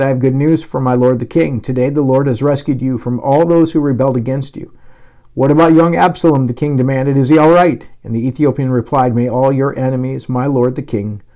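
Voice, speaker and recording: A male pastor reading a Bible passage aloud, giving the dialogue lively emphasis, with occasional slips and restarts. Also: mid-range voice.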